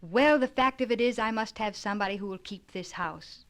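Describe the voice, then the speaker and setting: A gruff old grandfather, impatient and used to giving orders, as a woman reads him aloud. He talks in a brusque, commanding way, somewhat louder than the storyteller around him. A storybook character in an audiobook. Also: medium pitch, a little fast, natural voice.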